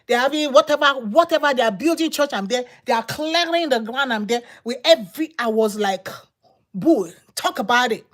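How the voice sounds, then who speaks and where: A woman giving a personal testimony as a sermon, telling her story with repetition and dramatic pauses. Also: on the high side, lively intonation. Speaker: preacher.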